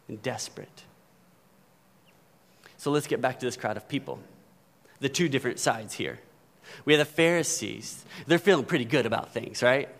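A man's voice: on the high side, bright, forceful tone. A man preaching a sermon in a conversational way, often checking in with the congregation. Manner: conversational preaching, frequent "right?" asides. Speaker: pastor.

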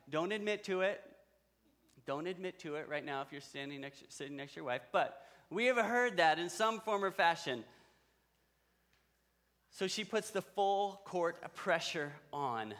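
A man's voice: a little high, lively intonation, moderate pace, fairly bright tone. A man preaching a sermon, retelling a story in a conversational way and speaking directly to the men in his audience. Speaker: pastor.

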